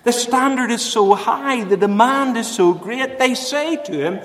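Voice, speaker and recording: A man preaching a sermon in an earnest way. He lifts his voice for emphasis and then drops to a hushed voice to tell a story. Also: very high-pitched, lively intonation, a little slow. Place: church. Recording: echoey church hall.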